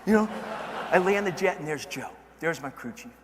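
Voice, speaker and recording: A male motivational speaker telling a story on stage in an animated, dramatic way. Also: sits high, a little fast. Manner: animated, dramatic, builds excitement. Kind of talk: keynote storytelling. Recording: long hall reverb, faint noise.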